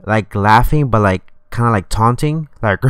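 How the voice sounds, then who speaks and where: Low, smooth-voiced man telling a ghost story. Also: no echo. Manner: animated, rambling, swearing often. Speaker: streamer. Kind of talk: casual live-stream storytelling.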